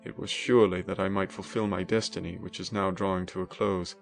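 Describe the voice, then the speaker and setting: A low-voiced man gives a dramatic, emotive first-person reading of a classic novel. Faint music sits under his narration. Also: little pitch movement, a little fast, vocal fry. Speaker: audiobook narrator.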